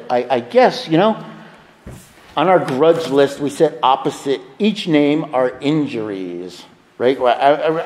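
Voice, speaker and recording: A man's voice: on the high side, darkish tone, slight background noise. A man speaking frankly and with wry humor at a recovery meeting. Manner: frank, confessional, wryly humorous. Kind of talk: personal recovery talk. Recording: reverberant hall.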